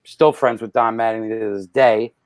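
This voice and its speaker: A man's voice: normal speed, no room sound. A man as a podcast guest, telling anecdotes in casual chat and acting out the people he quotes. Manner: animated, acts out quotes with loud jumps in pitch. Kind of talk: casual storytelling.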